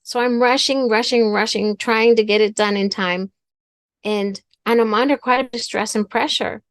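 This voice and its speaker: A woman's voice: fairly high pitch, no echo. Earnest middle-aged woman, guest teaching w a family story, repeats herself a lot, dry close sound. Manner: earnest, repeats words while explaining. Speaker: guest speaker.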